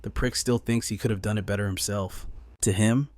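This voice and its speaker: Low-voiced male story narrator. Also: fairly even intonation, fairly quick, a little mellow, dry recording, studio quality. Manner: urgent, dramatic storytelling. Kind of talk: dramatic comic recap narration.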